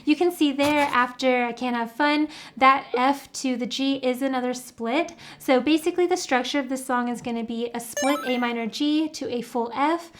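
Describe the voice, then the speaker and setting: A woman's voice: high voice, a little hiss or hum. A woman teaching a beginner guitar lesson, explaining chords and strumming step by step in a patient, casual way. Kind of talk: guitar tutorial with playing and singing. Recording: guitar playing heard under the voice.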